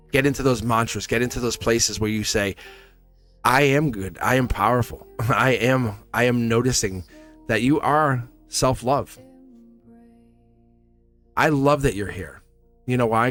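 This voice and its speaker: A man giving a live tarot reading, talking in a rambling, earnest way, laughing often and acting out quoted lines. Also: mid-range voice. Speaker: tarot reader. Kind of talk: live tarot reading, casual spiritual talk.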